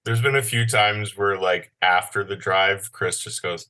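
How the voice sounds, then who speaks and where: A man guesting on a podcast with a very low, bright, forceful voice. He tells excitable stories and acts out quoted lines. He swears freely. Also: measured pace, hardly any pauses. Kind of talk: casual chat.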